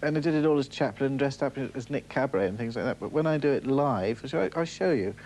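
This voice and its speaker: A man with a medium-pitched voice talking casually in an interview. He explains his songwriting in a relaxed, unhurried way with a faint hum behind him. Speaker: singer-songwriter guest.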